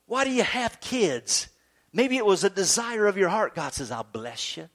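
High-voiced, animated preaching man. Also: unhurried. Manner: animated preaching, rising to emphatic highs then dropping low and soft. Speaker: pastor. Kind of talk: sermon.

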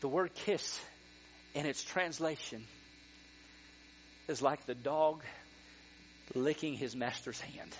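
A middle-aged male pastor preaching a sermon, animated, swinging from quiet talk to excited near-shouting. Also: a little high, takes it slowly, long pauses. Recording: dull lo-fi sound with mains hum.

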